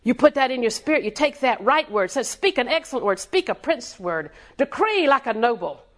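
A woman's voice: on the high side, big pitch swings, fairly quick. Woman preacher, call-and-response cadence. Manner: call-and-response preaching, chuckling, rhythmic repetition. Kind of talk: sermon.

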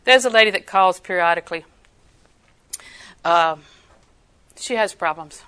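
Older woman preaching; bright, forceful, emphatic delivery, acts out quotes. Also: lowish voice, measured pace, clean tone. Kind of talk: sermon.

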